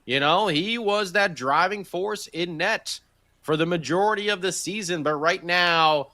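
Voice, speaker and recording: Hyped bright-voiced male podcast host. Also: high voice, measured pace, dry recording, clean studio sound. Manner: energetic, hype, jokey. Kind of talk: excited sports podcast recap.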